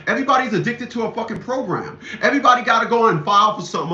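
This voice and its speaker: Middle-aged male host, preachy emphatic monologue, bright high voice, echoey lo-fi room. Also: lively intonation, racing, few pauses. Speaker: commentary show host. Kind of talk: casual monologue commentary.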